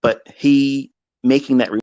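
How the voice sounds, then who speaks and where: A middle-aged man lectures his audience in a blunt, passionate way and drops profanity for emphasis. His voice sits at an ordinary pitch for a man, and the sound is dry and close. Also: steady tone, a little slow, darkish tone, dry recording, dull audio. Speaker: trading mentor. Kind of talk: unscripted live audio talk.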